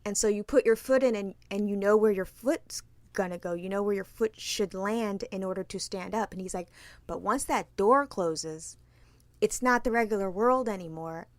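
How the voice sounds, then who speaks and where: A woman's voice: mid-range voice, normal speed, no echo. A woman in her thirties, a podcast co-host telling a story in casual chat, blunt and profane, breaking into hard laughter.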